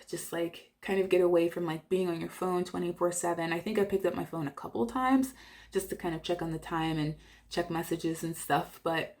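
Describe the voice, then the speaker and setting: A woman's voice: fairly low pitch, a little mellow. A young woman chatting casually to her camera at home in a vlog, filling her talk with "like". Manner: chatty, many "like" fillers. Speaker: vlogger. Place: at home indoors.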